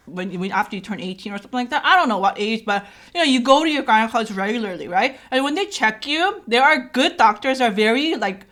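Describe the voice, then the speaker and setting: Chatty vlogger mom with a somewhat high voice, telling a story while eating, loose and rambling. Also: female voice, a bit bright. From Korea. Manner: rambling, chatty, filled with "like" and "right?". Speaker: vlogger and mother. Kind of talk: casual mukbang storytelling.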